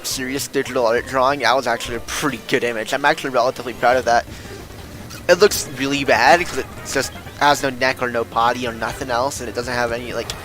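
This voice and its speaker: A man's voice: mid-range voice, poor audio. A young man streaming a game, rambling casually and self-deprecating, getting worked up when he rants. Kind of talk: casual gameplay stream chatter.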